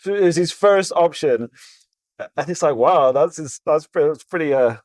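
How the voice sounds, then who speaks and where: A man's voice: a little high, lively intonation, normal speed, darkish tone, no echo, studio quality. A man co-hosting a casual movie review podcast, mocking the film with laughs and swearing. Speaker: podcast co-host.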